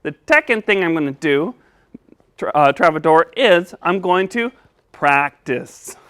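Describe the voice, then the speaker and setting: Eager puppet boy with a lisp, bouncy and quick to get overexcited, S sounds coming out as T, as voiced by a woman; children's lesson show, dry close sound. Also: fairly low pitch, animated, smooth, dry recording. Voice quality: lisp that turns S into T. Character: excitable young puppet boy practicing his S sound.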